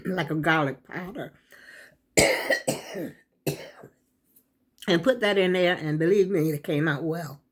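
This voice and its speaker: Folksy older woman with a scratchy throat. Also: low voice. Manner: rambling, folksy, talks straight to viewers. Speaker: vlogger. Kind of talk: casual chat to viewers.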